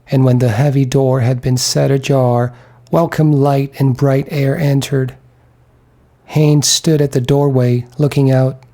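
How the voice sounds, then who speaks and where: A man narrating a literary audiobook in a measured, deliberate way. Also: medium pitch, dark tone. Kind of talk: scripted narration.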